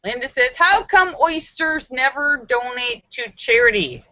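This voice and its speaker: A woman hosting a live stream, reading viewers' jokes aloud and acting out the voices with giggly, animated delivery. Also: sits high, measured pace, no echo, lo-fi sound. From Los Angeles area.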